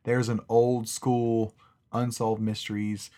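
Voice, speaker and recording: A man's voice: medium pitch, little pitch movement, slow pace, mellow. Male podcast co-host: loose, rambling, laughs easily. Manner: rambling, laughs often, trails off. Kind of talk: casual chat.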